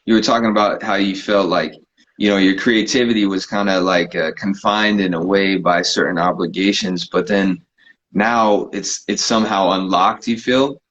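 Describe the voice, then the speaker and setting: A man from California interviewing a guest, asking slow, searching questions. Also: low-pitched, steady tone, fairly bright tone, highs cut off. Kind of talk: casual interview.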